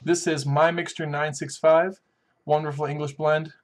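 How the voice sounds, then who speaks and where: A man hosting a casual beer and pipe review, folksy and relaxed as he walks through each tasting step. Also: fairly high pitch, moderate pace, background noise. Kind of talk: casual chat.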